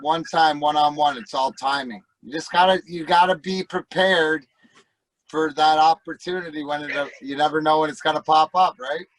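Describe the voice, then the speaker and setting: A middle-aged man tells rowdy, profane stories as a podcast guest, acting out other people's voices as he goes. His voice sits a little high, and the close podcast mic gives a dry sound with no room around it. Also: fairly even intonation, moderate pace, fairly bright tone, dry recording, rough recording. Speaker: guest, former hockey player. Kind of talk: casual storytelling.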